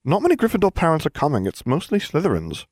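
A man voicing a prim, clever teenage girl witch who talks briskly. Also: fairly high pitch, huge pitch swings, darkish tone, husky, dry recording, studio quality, pitched above the performer's own voice, full character voice. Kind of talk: fan fiction audiobook reading.

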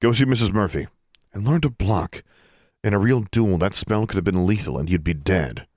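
Man voicing a strict woman teacher, curt, commanding, low voice, dry audiobook sound. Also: normal speed, a little mellow, no room sound, lightly acted. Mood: stern.

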